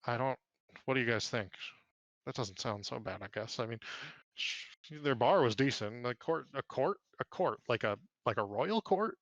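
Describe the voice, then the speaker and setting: A man narrating as game master, voicing the characters in quick quoted lines. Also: medium pitch, expressive, fairly bright tone, dry recording, dull audio.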